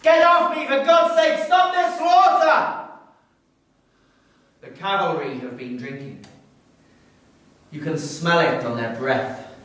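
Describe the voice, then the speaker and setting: A man's voice: fairly high pitch, fairly bright tone, heavily acted. An actor playing a male radical orator who speaks in a declamatory, pleading way. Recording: very echoey, distant mic.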